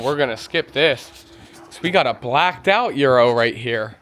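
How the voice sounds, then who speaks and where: A man's voice: medium pitch, expressive, unhurried, a bit bright. A man touring an indoor RV show, giving an enthusiastic walkthrough and exclaiming over features. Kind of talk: walkthrough vlog.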